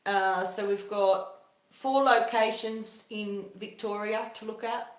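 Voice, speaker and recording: A woman's voice: medium pitch, fairly even intonation, slow, echoey room. A woman talking through a casual livestream monologue in a musing, loosely paced way. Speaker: livestream host.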